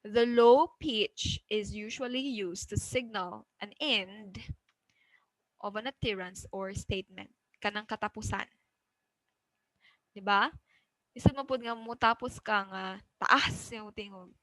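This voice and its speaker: A woman with a Cebuano Filipino accent gives an online lesson in a slow, unhurried way. Her voice sits a little high and sounds bright and clear. The sound is dry and close, and she keeps checking in with her students. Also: fairly even intonation, dry recording, poor audio. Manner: frequent "okay?" checks, mixes English with Cebuano. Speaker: teacher. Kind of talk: online class lecture.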